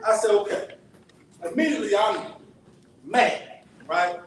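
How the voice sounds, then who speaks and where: A man's voice: high-pitched, lively intonation, unhurried, far from the mic, slight background noise. Man telling a story in an echoey church. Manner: conversational, asks the audience "right?" often. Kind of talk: sermon-style storytelling. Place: church sanctuary.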